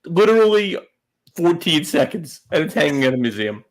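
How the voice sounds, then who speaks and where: A man's voice: fairly high pitch, sing-song, normal speed. A man co-hosting a podcast, reacting and joking in casual chat. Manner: chimes in with short reactions and quips. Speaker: podcast co-host.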